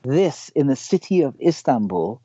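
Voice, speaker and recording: A man explaining Bible history while walking through a map on screen, halting often and restarting his sentences. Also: medium pitch, very animated, dark tone, slightly rough, dry recording, highs cut off. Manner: halting, many restarts and fillers. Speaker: regular guest teacher.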